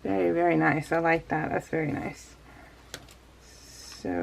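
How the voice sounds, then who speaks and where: A woman's voice: low-pitched, steady tone, unhurried, gravelly, pauses often, a little hiss or hum. A woman vlogger chatting casually and laughing at herself as she unboxes a craft kit. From California. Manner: chatty, giggly, talks to herself.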